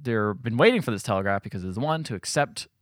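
A man's voice: lowish voice, expressive, fast, no echo, studio quality. A man co-hosting a film podcast, recapping the plot in a loose, rambling way with lots of fillers. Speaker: podcast co-host. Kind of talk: casual chat.

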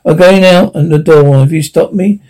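A man's voice: fairly high pitch, moderate pace, a little mellow, close to an everyday voice. A desperate, defiant trapped man, as a narrator voices him. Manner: tense, defiant.

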